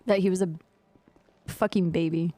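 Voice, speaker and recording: A woman's voice: on the low side, steady tone, moderate pace, mellow. Giggly rambling woman streamer. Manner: giggly, rambling storytelling with frequent laughs. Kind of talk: casual chat while gaming. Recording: faint music behind.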